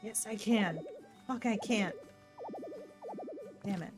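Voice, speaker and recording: A woman's voice: medium pitch, slow. Chatty woman streamer with faint game music. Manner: chatty and excitable, swings between gushing and muttering. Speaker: gaming streamer. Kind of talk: casual let's-play commentary.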